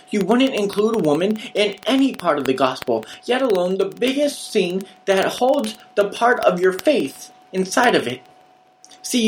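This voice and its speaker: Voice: medium pitch, a little hiss or hum, low-quality recording. A preacher giving an emphatic, repetitive sermon in a casual, slangy way.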